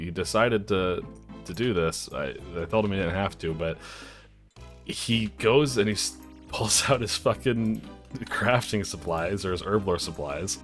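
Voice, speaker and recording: A very deep-voiced man talking through his gameplay in a loose, profane, rambling way, often restarting his sentences. Faint music sits behind him. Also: a bit bright. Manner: laid-back, profane, rambling with frequent restarts and laughs. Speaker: gaming video creator. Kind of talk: casual gameplay commentary and storytelling.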